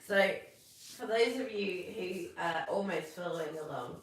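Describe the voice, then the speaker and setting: A woman's voice: on the low side, a little slow, distant mic, slight background noise. Aussie woman chatting on a live stream, a bit sick, corny jokes, echoey room, sits back from the mic. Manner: chatty, self-deprecating, tells corny jokes. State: a little sick. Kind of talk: casual live stream chat.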